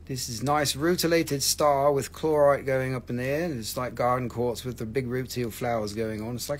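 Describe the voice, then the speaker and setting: A man's voice: medium pitch, normal speed, few pauses, slight background noise. A middle-aged man hosting a live rock and mineral sale, chatting casually in a profane, rambling way. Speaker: host selling rocks and minerals on a livestream. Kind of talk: casual live sales chat. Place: family-owned rock and mineral shop.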